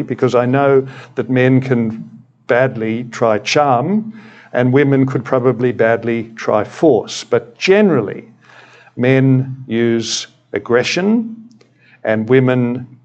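Older aussie preacher, chatty sermon, dry little jokes thrown in, mid-pitched voice. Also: male voice, darkish tone, muffled recording. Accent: Australian. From Australia. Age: 60s. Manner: conversational, with wry humorous asides. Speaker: retired senior minister, preacher.

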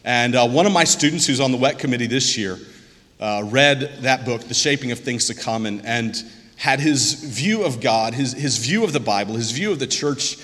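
A man, a seminary professor, giving an earnest, slightly halting formal introduction of a guest speaker in chapel. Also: mid-range voice, expressive, a bit bright. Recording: chapel introduction with long hall reverb.

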